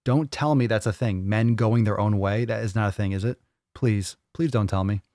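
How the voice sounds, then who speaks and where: A man's voice: on the low side, moderate pace, darkish tone, dry recording, clean studio sound. Crude, joking male fitness host. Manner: crude, joking, mocks voices of others. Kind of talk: live Q&A chat reading viewer comments. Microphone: studio microphone.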